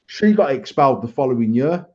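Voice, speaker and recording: Mellow and medium-pitched, with big pitch swings and a fairly quick delivery, this Englishman in his thirties or forties hosts a podcast. He swears constantly while telling a crude story in casual chat, and the lo-fi recording sounds dull.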